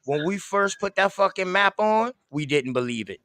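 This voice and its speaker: A man co-hosting a casual podcast discussion, loudly cutting in to get the floor. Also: high-pitched, lively intonation, normal speed, dry recording, studio quality. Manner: loud, interrupting, calls for attention with "hey, hold on".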